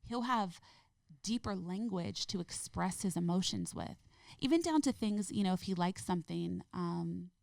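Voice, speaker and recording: A woman speaking as a podcast guest in an earnest, gentle, heartfelt way. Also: fairly low pitch, moderate pace, creaky, no room sound, clean studio sound. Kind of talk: reflective interview conversation.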